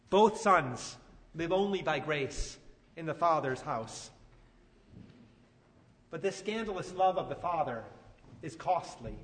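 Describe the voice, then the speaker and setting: Pastor, man, high voice, animated storyteller, long church reverb. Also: slow pace, long pauses. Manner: animated storytelling, rising to emphatic peaks. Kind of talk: sermon.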